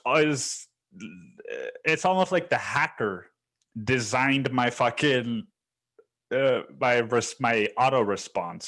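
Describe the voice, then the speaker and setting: A man's voice: medium pitch, slow, a bit bright. A young man hosting his own podcast, talking in a rambling, casual monologue full of swearing and "dude.". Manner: rambling, swears a lot, says "dude" and "like" often. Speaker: podcast host.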